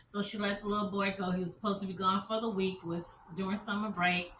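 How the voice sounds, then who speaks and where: A woman's voice: medium pitch, level tone, fairly quick, fairly bright tone, echoey room, far from the mic, slight background noise. A middle-aged woman telling stories as a commentary vlogger, passionate and repetitive, full of rhetorical questions. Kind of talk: emotional storytelling commentary.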